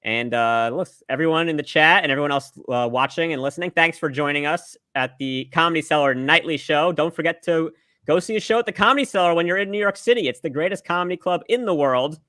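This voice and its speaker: A man's voice: fairly high pitch, quick pace, pushed and bright, dry recording, studio quality. A man hosting a casual comedy chat show, joking and teasing his guests. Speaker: show host.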